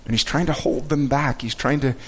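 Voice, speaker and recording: A man teaching a Bible passage in a conversational way, earnest and halting, often repeating words as he searches for them. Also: mid-range voice, fairly bright tone.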